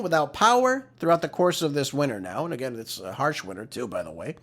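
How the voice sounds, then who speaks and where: A man's voice: medium pitch, very animated, fast talker, hardly any pauses, fairly bright tone. A man hosting a political talk show, delivering emphatic, exasperated solo commentary into a close mic.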